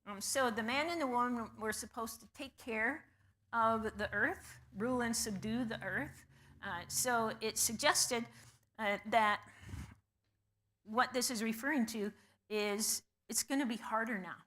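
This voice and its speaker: Teaching a Bible study in a conversational style, a woman with a slightly high, bright, forceful voice asks the class questions. She often pauses with ums.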